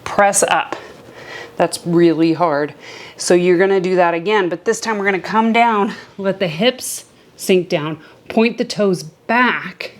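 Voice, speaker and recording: Woman, young adult, yoga instructor, slow deliberate pace, calm breath cues, guided class. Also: fairly low pitch. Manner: calm step-by-step cueing with breath counts. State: a little out of breath at times.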